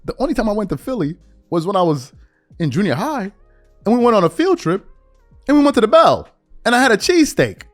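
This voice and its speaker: A New man riffs on basketball in casual, slang-heavy talk, his voice sitting high and swinging widely in pitch. He slips into fans' voices as he goes. Faint music runs underneath. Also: very animated, fairly quick, pauses often. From New York. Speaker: podcast host. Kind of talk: casual sports commentary.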